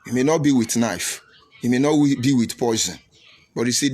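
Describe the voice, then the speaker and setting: A man's voice: medium pitch, lively intonation, normal speed, darkish tone, breathy edge. A middle-aged man, giving a preachy broadcast commentary and repeating phrases for emphasis. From Nigeria. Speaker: political commentator.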